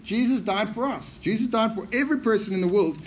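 A man's voice: sits high, quick pace, slight background noise. A man preaching a sermon, emphatic and often repeating key phrases for stress.

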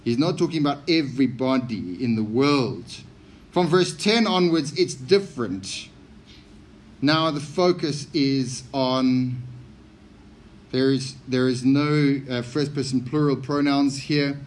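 A man preaching a sermon, emphatic and often repeating key phrases for stress. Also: mid-range voice.

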